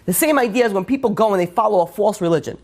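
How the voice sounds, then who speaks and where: A man's voice: sits high, expressive, racing. Man, rabbi, religious lecture, emphatic, rhetorical questions, frequent restarts. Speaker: rabbi teaching a weekly class.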